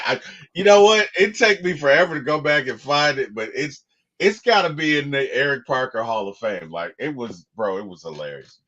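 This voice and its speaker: A playful, joking man co-hosting a fan podcast, his pitch swinging up and down with energy. The sound is dull and lo-fi, as if coming through a weaker mic. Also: a bit bright. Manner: playful, joking, laughs at memes. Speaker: podcast co-host. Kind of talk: casual sports fan chat.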